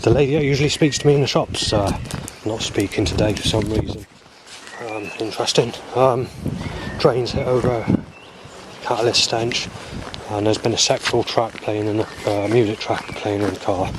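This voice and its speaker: A man's voice: on the low side, fairly even intonation, normal speed, background noise. A man talking to camera outdoors in a rambling video diary, hesitant, often restarting and repeating himself. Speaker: vlogger.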